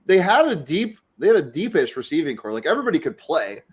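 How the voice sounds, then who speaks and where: A young American man co-hosting a sports podcast, arguing his picks quickly and correcting himself as he goes. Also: a little high, husky. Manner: fast, excited, self-correcting. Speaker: podcast co-host. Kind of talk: casual sports chat.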